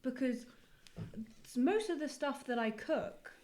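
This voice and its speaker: A woman's voice: sits high, lively intonation, a little slow, a little mellow. A woman co-hosting a casual podcast chat, emphatic and repeating her point. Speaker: podcast co-host.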